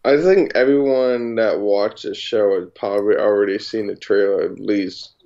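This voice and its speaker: A man's voice: fairly low pitch, normal speed, warm tone. A man co-hosting a podcast, chatting casually in a laid-back way and laughing easily. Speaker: podcast co-host. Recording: dull lo-fi sound.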